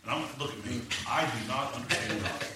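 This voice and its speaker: A middle-aged man preaching a sermon, emphatic and animated, with folksy asides and chuckles. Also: medium pitch, fairly quick, very noisy. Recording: echoey room, mic far off.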